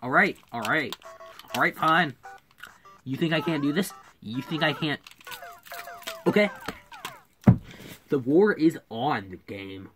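A woman gaming YouTuber gives casual commentary while playing a video game, muttering, repeating herself, and scolding the game when things go wrong. Her low voice is expressive and a bit bright, slow with long pauses, over game music and a slight hiss or hum.

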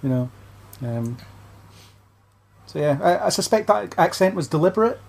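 A man's voice: high voice, animated, moderate pace, gravelly. A man hosting a casual podcast chat, rambling with many fillers. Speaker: podcast host.

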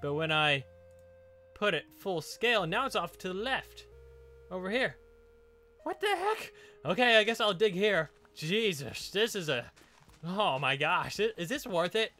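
A man with a bright, slightly high voice talks casually through his gameplay. He laughs often and is easily surprised, thinking out loud as he goes. Faint game music plays softly behind him. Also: animated, moderate pace. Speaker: gaming channel host. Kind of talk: casual let's play commentary.

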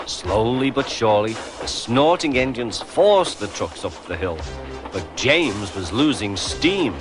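A man reads a children's railway story aloud in a slow, measured way, with a lively rise and fall in his voice. Music plays behind him. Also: medium pitch. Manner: measured, expressive reading. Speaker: narrator. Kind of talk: storybook narration.

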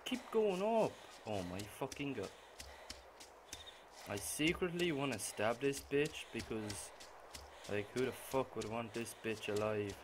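A young man giving profane gameplay commentary, muttering to himself and then suddenly yelling. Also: mid-range voice, animated, moderate pace. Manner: swears constantly, muttering that bursts into sudden yells. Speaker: gaming channel host. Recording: noisy gameplay recording.

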